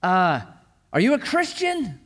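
A prying, eager rescuer with a high, chirpy voice, put on by a man telling a joke. His questions leap up and down in pitch. He sounds delighted at each answer. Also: huge pitch swings, slow pace, a bit bright, exaggerated voice. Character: eager nosy male rescuer, prying and picky.

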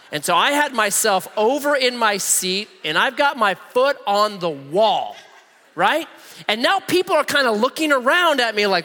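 Lively high-voiced preacher in a hall. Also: male voice, moderate pace. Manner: animated, humorous, acts out voices. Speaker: pastor. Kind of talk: sermon with personal storytelling. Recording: long reverb of a large hall.

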